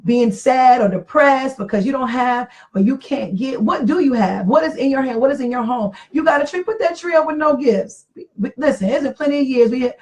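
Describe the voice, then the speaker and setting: A woman's voice: sits high, fairly quick, hardly any pauses, a little mellow, rough recording. A middle-aged woman in casual talk about marriage, earnest and reflective, repeating phrases for emphasis. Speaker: podcast co-host.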